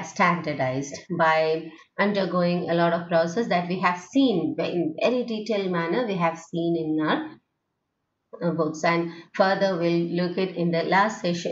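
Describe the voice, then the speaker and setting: A woman teaching English phonetics in a recorded lecture, talking in a hesitant way with many fillers and restarts and checking in with "okay?". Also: on the low side. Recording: dull, lo-fi, roomy recording.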